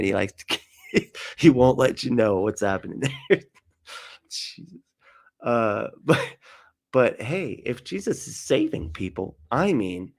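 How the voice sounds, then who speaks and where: A man, a podcast host, giving casual sarcastic commentary with laughs and swearing. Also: mid-range voice.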